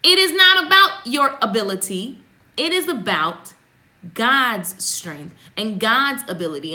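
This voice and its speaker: A woman hosting a casual morning devotional. She reads passages aloud and comments on them in an animated, preachy way, speaking straight to her viewers. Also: mid-range voice. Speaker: host giving a morning devotional.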